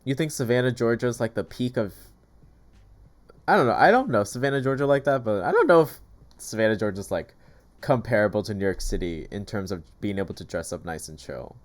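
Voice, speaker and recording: A man's voice: fairly low pitch, animated, fairly quick. A man in casual chat, telling stories with lots of "like" fillers. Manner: chatty storytelling, heavy use of "like". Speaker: gaming YouTuber. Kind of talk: casual chat while eating.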